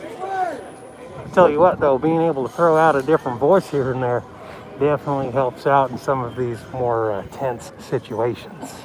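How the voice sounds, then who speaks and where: Outdoors at a city street protest, a man from the Pacific Northwest holds his phone camera and keeps up chatty, meandering live-stream commentary. His tone stays steady and his pace moderate, though he often drops his voice low amid the loud crowd.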